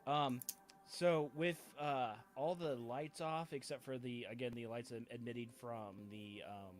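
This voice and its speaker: A man running a tabletop role-playing game as game master, talking in a halting way with many fillers and restarts. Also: mid-range voice, steady tone, faint music behind.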